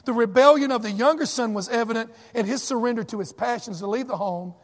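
A man's voice: very high-pitched, fast talker, in a large hall. A man preaching a sermon as pastor, with emphatic repetition and acted quotes.

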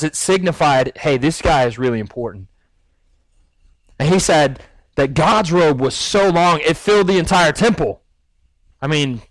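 A man's voice: fairly high pitch, dry recording, rough recording. Man preaching with vivid storytelling. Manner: vivid storytelling, acts out scenes. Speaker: guest preacher. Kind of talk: sermon.

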